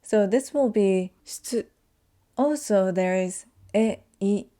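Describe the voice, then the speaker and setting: A woman whose first language is Japanese gives a pronunciation lesson, speaking slowly and carefully as she demonstrates sounds. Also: medium pitch, warm tone. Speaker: language teacher.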